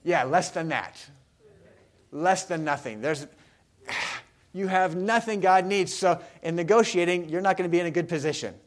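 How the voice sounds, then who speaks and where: A man's voice: high-pitched, moderate pace. A man preaching a sermon, talking casually with the congregation and asking them questions. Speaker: pastor.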